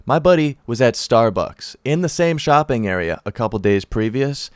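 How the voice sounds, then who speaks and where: Young man telling a profane, animated story. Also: fairly low pitch, dry recording, clean studio sound. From United States. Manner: animated, profane and emphatic, repeating lines for effect. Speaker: vlogger. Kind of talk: casual storytelling.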